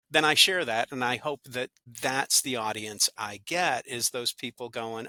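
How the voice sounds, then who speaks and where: A man's voice: medium pitch, normal speed, few pauses, bright, forceful tone, no room sound. A man, an actor and good-news podcaster, chatting as an interview guest in an upbeat storytelling way, now and then acting out little quoted voices. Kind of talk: casual interview talk.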